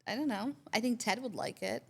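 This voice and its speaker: A woman's voice: fairly high pitch, sing-song, fairly quick, creaky, slightly rough. A woman from southern Albania, a podcast co-host, telling rambling stories in casual chat and acting out the quotes. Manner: rambling storyteller who acts out quotes.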